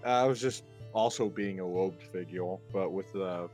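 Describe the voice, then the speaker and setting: A man's voice: sits low, normal speed, a little mellow, soft background music. Playful man at a tabletop game. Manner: playful, laughs often. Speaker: player. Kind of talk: casual tabletop game chat.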